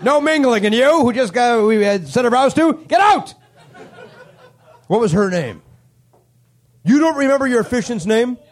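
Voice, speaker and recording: A man works the crowd from a comedy club stage, needling audience members with sarcastic, playful jabs. His voice sits high and leaps around expressively as he riffs. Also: lively intonation. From Canada. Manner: teasing, sarcastic, quick to riff. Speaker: comedy podcast host. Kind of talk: live comedy crowd work.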